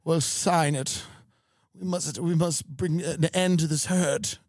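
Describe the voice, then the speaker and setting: A man's voice: a little high, fairly even intonation, very slow, bright, forceful tone, dry recording, studio quality, full character voice. Brief: man playing a posh-sounding rich lady, fake British drawl, airy and affected. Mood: pompous. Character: rich Malibu woman faking a British accent.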